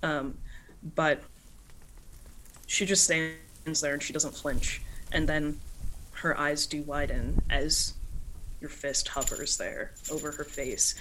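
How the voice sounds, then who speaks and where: Brief: woman game master, low voice, unhurried, loose casual narration. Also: fairly even intonation, sharp tone, a little hiss or hum. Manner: casual, many filler "like"s.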